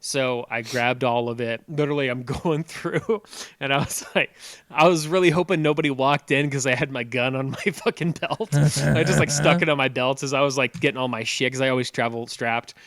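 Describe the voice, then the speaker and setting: A young man on a podcast telling a profane, animated story, breaking into loud yelling at times. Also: medium pitch, brisk, no room sound. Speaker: podcast co-host. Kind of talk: casual storytelling chat.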